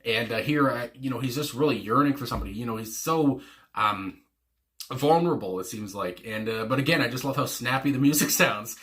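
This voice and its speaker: A man's voice: medium pitch, a little fast, a bit bright. A man giving casual, rambling reaction commentary as host, enthusiastic and full of fillers and the odd swear word. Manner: enthusiastic, fond.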